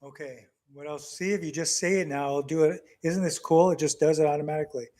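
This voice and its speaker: A man filming a casual family vlog, patiently coaxing his child and repeating short phrases slowly so they can be copied. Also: fairly high pitch, steady tone, dark tone. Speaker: father and vlog host.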